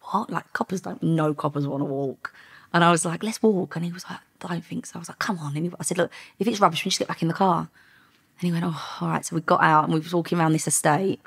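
Gravelly woman telling stories. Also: low-pitched. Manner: lively anecdotes with quoted dialogue, frequent laughs. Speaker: former undercover police officer. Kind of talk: podcast interview storytelling.

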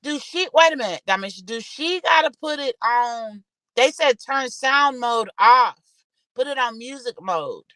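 A woman's voice: a little high, lively intonation, measured pace, pushed and bright, no room sound, rough recording. A woman hosting a casual livestream, talking bluntly and swearing freely as she scolds her guests. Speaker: livestream host.

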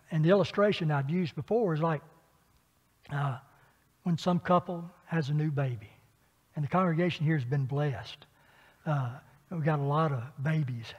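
A man teaching a Bible class in a church, talking conversationally with frequent filler pauses and questions for the class. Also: fairly high pitch, a little mellow, slightly rough. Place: church meeting room. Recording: dull, echoey church room recording.

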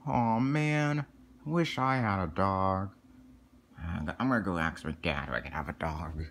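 A man's voice: deep voice, unhurried, vocal fry, a bit bright, a little hiss or hum, heavily acted. A man voicing a young boy chick who whines and grumbles to himself in a home-made puppet movie. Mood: grumbling. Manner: whiny and grumbling, muttering to himself. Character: whiny young boy chick, easily bored and sulky. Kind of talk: hobby home-movie role-play.

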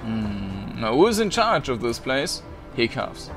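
A man's voice: mid-range voice, expressive, unhurried, fairly bright tone, soft background music. Man reading game text aloud. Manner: reads game text aloud, trips over words and restarts. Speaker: let's play host.

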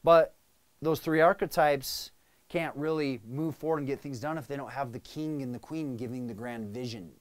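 A man's voice: medium pitch, normal speed. A man coaching his viewers in casual talk to camera, often tagging his points with "right?" and "okay?". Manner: conversational, frequent "right?" and "okay?" check-ins. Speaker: business coach.

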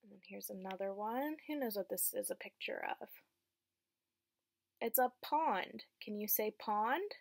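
A young woman teaching a preschool phonics lesson, slow and encouraging, asking children to repeat after her. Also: medium pitch, expressive, creaky, no echo.

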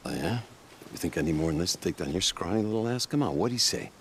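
An actor playing a rough, weary male biker who swears a lot, in video game dialogue. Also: low-pitched, expressive, fast talker, background noise. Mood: pushy.

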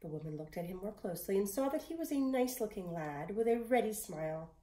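A woman reading a storybook aloud in an expressive way. She sometimes drops to a whisper and speaks directly to the listener. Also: medium pitch, fast talker, reverberant.

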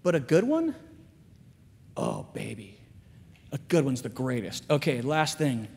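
A man in his forties giving an animated chapel sermon to students, swinging between loud emphatic lines and hushed asides. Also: fairly high pitch, normal speed, slightly rough. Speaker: guest chapel speaker. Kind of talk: energetic chapel sermon with storytelling. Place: school chapel, large room. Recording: long hall reverb.

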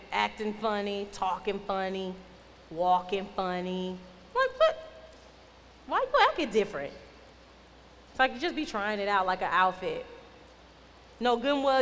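A woman's voice: mid-range voice, a bit bright. A young adult woman giving a casual youth sermon as a youth minister. She talks in a conversational, playful, teasing way. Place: church youth hall. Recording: long reverb, faint noise.

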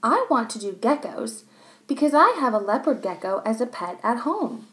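A woman's voice: a little high, big pitch swings, moderate pace, fairly bright tone. Robbie, a woman voicing a smart, eager schoolboy. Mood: earnest. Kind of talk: reading a children's story aloud.

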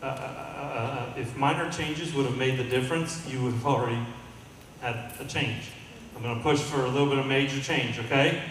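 A man's voice: mid-range voice, steady tone, brisk, a bit bright, slight background noise. A male pastor preaching a sermon to his congregation, drawing call-and-response from the room. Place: church sanctuary. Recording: echoey hall, mic at a distance.

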